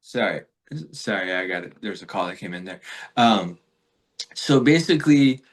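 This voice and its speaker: A man's voice: sits low, animated, moderate pace. Reflective man telling a spiritual story. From Florida. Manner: reflective, rambling, frequent fillers and soft laughs. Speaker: podcast guest. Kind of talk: casual storytelling in a spiritual interview.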